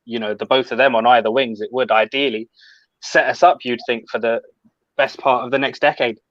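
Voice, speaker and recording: Male panelist, even explanatory delivery, recorded on a dull, dry mic. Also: medium pitch, no echo. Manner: measured, explanatory. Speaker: podcast panelist. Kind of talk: casual football podcast chat.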